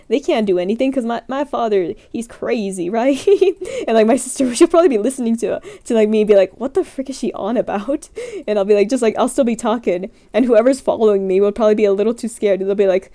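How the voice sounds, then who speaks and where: A woman's voice: a little high, mellow. A young woman streamer chatting casually, rambling and giggling as she reacts to scenarios. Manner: rambling, giggly, frequent "like" and "frick".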